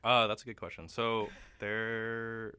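Low-voiced, bright-toned young man chatting. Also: monotone, slow pace, clear, resonant tone, no room sound. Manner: chatty, laughs often, many fillers. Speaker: guest opera singer. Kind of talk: casual radio interview.

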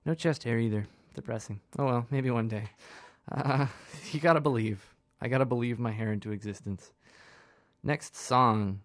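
A man's voice: mid-range voice, a little slow, dry recording, clean studio sound. A man in his twenties hosting a radio show, chatting in a casual, rambling, self-deprecating way with lots of fillers. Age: 20s. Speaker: radio host.

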